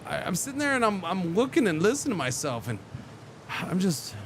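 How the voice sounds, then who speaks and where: A man's voice: sits high, fairly quick, a little hiss or hum. A man streaming a game, telling a rambling story in casual chat with lots of restarts. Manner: rambling, animated, many restarts. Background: background music.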